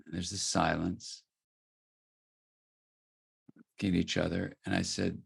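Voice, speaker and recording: A man from the United States, a guest expert, telling a story in an interview answer, soft-spoken and dropping nearly to a murmur. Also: low voice, fairly even intonation, unhurried, creaky, pauses often, breathy edge.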